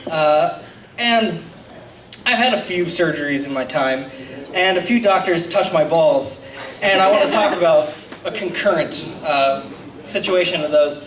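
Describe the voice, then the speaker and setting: Speaking a little slowly with long pauses, a man in his 20s with a high-sitting, animated voice performs stand-up, self-deprecating and hesitant with plenty of ums. Loud audience laughter fills the roomy club recording, taken from a distant mic with slight hiss or hum.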